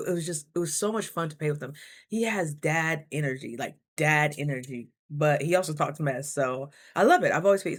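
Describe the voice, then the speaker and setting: Chatty, laughing young woman vlogger. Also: lowish voice. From Idaho. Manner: chatty, laughs often, lively quoted asides. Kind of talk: casual storytelling vlog.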